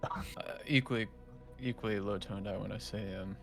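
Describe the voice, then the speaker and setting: A man playing a tabletop game, talking in a hesitant, halting way. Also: lowish voice, steady tone, vocal fry, fairly bright tone, soft background music. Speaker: player. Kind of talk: casual chat in a tabletop game.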